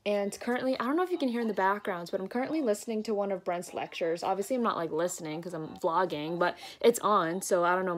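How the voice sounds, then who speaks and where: A young woman student recording a casual daily video diary, chatty and self-deprecating, often laughing at herself. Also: medium pitch. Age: young adult. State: isolating with coronavirus, no symptoms. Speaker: student vlogger.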